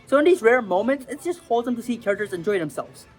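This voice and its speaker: A woman talking casually and excitably in a commentary vlog, with slang and swearing, acting out quotes. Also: a little high, quick pace, slightly rough, soft background music. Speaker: anime video creator.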